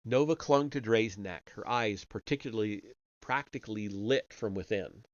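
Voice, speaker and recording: A man with a fairly low pitch reads a story aloud on a live stream at normal speed, with no room sound. He lends the characters only a light touch of voicing and occasionally stumbles and restarts; the home mic sounds dull and lo-fi.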